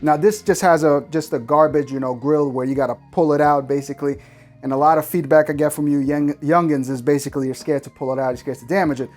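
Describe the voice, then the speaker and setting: Casting: New male tech reviewer, slangy, ranting, slightly high voice, faint music under him. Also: fast talker. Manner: slangy, emphatic, animated ranting. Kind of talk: casual hands-on product review.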